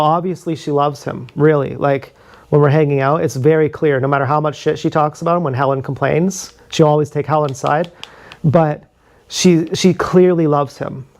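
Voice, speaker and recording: A man's voice: fairly high pitch, a little mellow. A man rambling through a casual story on a live stream, loose and profane, full of fillers and restarts. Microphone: streaming camera mic.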